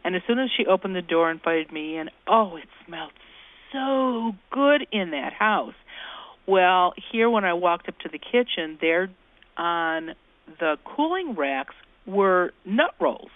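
A woman's voice: fairly low pitch, sing-song, unhurried, no echo. A woman guest telling folksy ghost anecdotes in an interview, acting out the voices she quotes, heard over a phone call. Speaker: guest, ghost-talking cookbook author. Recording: tinny phone line.

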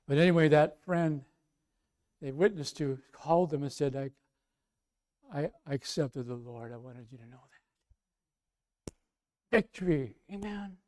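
A male pastor preaching a sermon, swinging from loud emphatic lines to soft quiet asides. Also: a little high.

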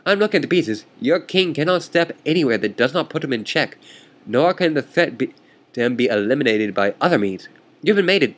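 A man's voice: medium pitch, lively intonation, brisk, close to an everyday voice. A man voicing a smug male chess player who taunts his opponent in a theatrical, condescending manner.

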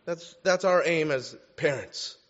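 A man gives a sermon in a loose, conversational way, tossing in jokes as he goes. His voice sits a little high for a man. The sound is slightly muffled and trails off in the long reverb of a large hall. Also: unhurried, a bit bright. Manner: conversational, joking asides. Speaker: pastor.

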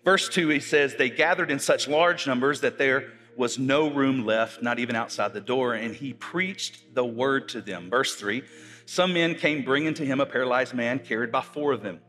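A man's voice: mid-range voice, moderate pace, sharp tone, long reverb tail, soft background music. A man preaching to his congregation, often repeating his words and asking the audience questions. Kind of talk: sermon.

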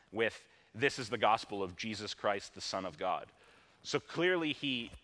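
A man's voice: medium pitch, sharp tone. A man preaching a sermon in a conversational, plain-spoken way, with casual asides. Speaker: pastor.

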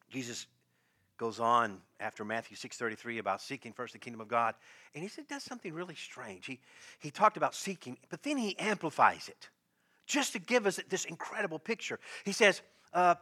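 A man preaching a sermon with a bright, ringing voice pitched a little above most men. He talks expressively, acting out the voices he quotes and laughing now and then as he goes. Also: animated, fairly quick. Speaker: pastor.

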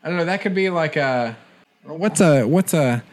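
A man's voice: fairly high pitch, animated, moderate pace, darkish tone. A man in casual podcast chat, rambling and hesitant, with many fillers. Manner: rambling, hesitant, says "like" often.

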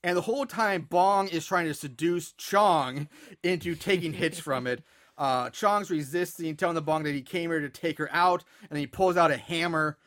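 A man with a high, bright voice casually walks through a movie's plot on a podcast. He stumbles over his words, laughs often and talks loosely. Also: normal speed. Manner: relaxed, laughing, retelling plot with filler words. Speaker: podcast host.

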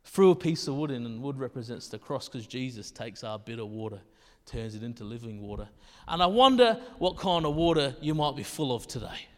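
A man's voice: medium pitch, expressive, a little fast. An Australian man preaching a sermon in a conversational way, often restarting his words, with self-deprecating asides. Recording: long reverb of a large hall.

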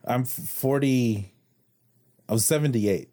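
A man in his forties hosting a podcast, telling relaxed stories and chuckling at himself. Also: medium pitch, measured pace. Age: 40s. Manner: easygoing storyteller, chuckles at himself. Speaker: podcast host. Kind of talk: casual chat.

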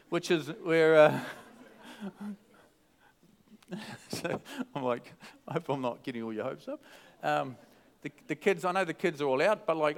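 High-voiced, chatty joking pastor. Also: male voice, a bit bright. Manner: chatty and joking, with many restarts. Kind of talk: casual sermon. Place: church service. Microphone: microphone.

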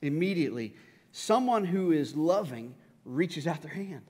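Male pastor with a slightly high voice, preaching with dramatic acted-out lines in a reverberant church hall. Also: expressive, measured pace, a little mellow. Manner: dramatic, acts out the Bible voices with rising pitch and force; repeats words and restarts often. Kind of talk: sermon.

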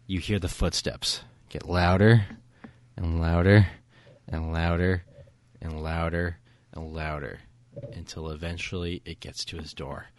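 Deep-voiced man retelling a film excitedly. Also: unhurried, no room sound. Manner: animated, enthusiastic retelling with many fillers. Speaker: podcast co-host. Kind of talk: casual film review chat.

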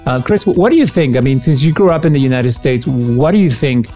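A man with a slight Spanish accent talks in a relaxed, mellow voice at a middling pitch. He speaks thoughtfully and haltingly, restarting sentences as he reaches for words. Soft music sits faintly behind him. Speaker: podcast co-host. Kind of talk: casual chat.

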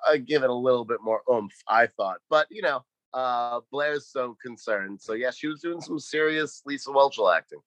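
A man's voice: medium pitch, normal speed, few pauses, fairly bright tone, dry recording, low-quality recording. A man co-hosting a podcast in casual chat, making dry, wry remarks and doing mocking impressions. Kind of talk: casual chat reviewing a sitcom.

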